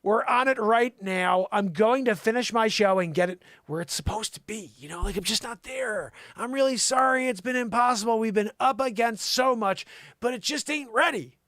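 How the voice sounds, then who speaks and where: A man's voice: high-pitched, moderate pace, fairly bright tone, no room sound, clean studio sound. A man faking a tearful cockney pop star. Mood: apologetic. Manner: clumsy mock cockney accent, keeps breaking off. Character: tearful apologetic British woman pop star impression.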